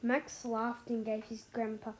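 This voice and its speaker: A woman reading a children's story aloud, expressive, with dramatic pauses and sound words. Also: on the high side, slight background noise, rough recording.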